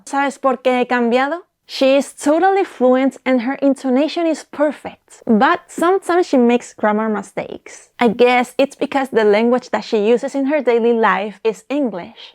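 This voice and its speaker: A woman from Spain with a Spanish accent, a native speaker teaching grammar by slowly repeating and explaining example sentences. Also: on the high side, darkish tone. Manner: slow careful repetition of examples. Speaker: language teacher. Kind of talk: explaining language points.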